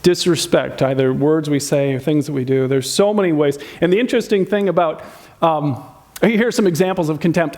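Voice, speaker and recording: A man's voice: a little high, brisk, a little mellow. A man preaching a sermon in a conversational way, asking the audience questions and acting out insulting quotes. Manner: acts out insulting quotes in changed voices. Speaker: pastor.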